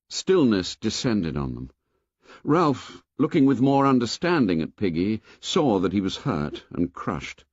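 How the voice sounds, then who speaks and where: A man narrating an audiobook in a lively, expressive storytelling manner. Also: lowish voice, measured pace, no room sound, dull audio. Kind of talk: scripted narration.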